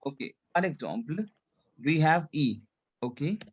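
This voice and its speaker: A man's voice: fairly high pitch, lively intonation, normal speed, slightly rough, highs cut off. A male French teacher running a class, repeating points and having students repeat after him, slipping French check-ins into his English. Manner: repetitive drilling, asks students to repeat; drops French checks like "c'est clair" into English. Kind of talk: language class instruction.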